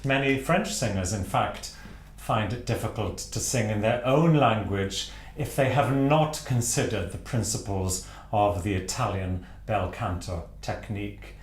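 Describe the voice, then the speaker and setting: Man, from Wales, singing teacher, slow deliberate delivery, precise enunciation, demonstrates vowels, echoey room. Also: on the low side. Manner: demonstrates vowel sounds aloud. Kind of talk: instructional talk to camera.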